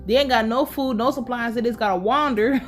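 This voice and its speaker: A woman's voice: a little high, a little fast, faint music behind. Blunt, profane woman recapping a show. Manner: blunt, profane, opinionated commentary. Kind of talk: casual episode recap.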